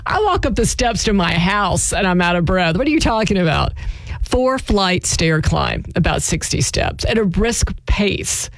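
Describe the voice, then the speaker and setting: A woman's voice: lowish voice, lively intonation, measured pace, no echo. A woman hosting a morning radio show in a chatty, self-mocking way, laughing mid-sentence. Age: adult, married. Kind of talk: casual radio chat.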